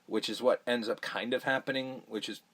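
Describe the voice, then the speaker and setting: A man's voice: medium pitch, steady tone, a little fast, fairly bright tone, slightly rough. Profane, rambling man recapping a movie. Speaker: podcast host. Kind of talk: casual movie recap chat.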